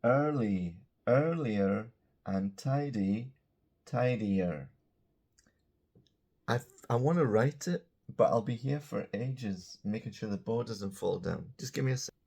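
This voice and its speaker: A man teaching English grammar in a casual, chatty way, drawing out example words slowly and dropping joking asides, beside a small whiteboard indoors. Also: on the low side, lively intonation, creaky, a little mellow, slightly rough. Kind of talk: casual grammar lesson to camera.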